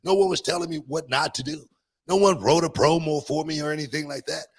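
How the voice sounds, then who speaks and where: A man's voice: a little high, steady tone, a little fast. A man hosting a podcast in casual chat, talking emphatically and self-assuredly and repeating phrases for stress. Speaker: podcast host.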